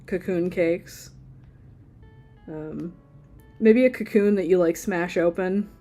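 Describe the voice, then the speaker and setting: A woman's voice: lowish voice, takes it slowly, dark tone, soft background music. A woman streaming live as she draws, chatting casually in a rambling, playful way and laughing often. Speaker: livestream artist. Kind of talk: casual chat while drawing.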